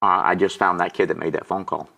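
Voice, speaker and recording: A man's voice: sits low, fairly even intonation, fast, vocal fry, pushed and bright. A man in his sixties, an auctioneer and guest, telling his personal testimony and getting choked up with emotion. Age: 60s.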